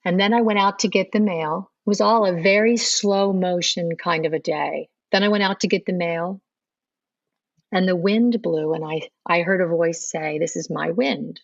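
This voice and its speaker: In a dry recording with the top end cut off, a woman with a lowish voice talks at normal speed. She is middle-aged and a guest on a podcast, earnestly sharing how she converted and voicing dialogue from memory, interview-style.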